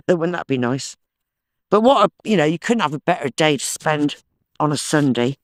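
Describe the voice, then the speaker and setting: A keen, talkative man narrates his finds in a hillside farm field, muttering to himself between digs. His voice sits a little high, and it sounds dry and close. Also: expressive, normal speed, no room sound. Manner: chatty, enthusiastic, talks to himself while digging. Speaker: metal detecting channel host. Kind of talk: casual outdoor vlog chat. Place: sloping farm field outdoors.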